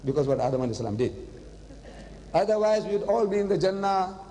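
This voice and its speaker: An older man giving an animated religious lecture, telling stories and slipping in phrases. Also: sits high, quick pace. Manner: animated storytelling, switching into Hindi-Urdu phrases. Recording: long hall reverb.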